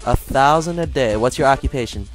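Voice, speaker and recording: A young man calmly mocking an opponent in an online game voice chat, sarcastic and amused. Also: medium pitch, a little fast, faint music behind. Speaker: gamer and video maker.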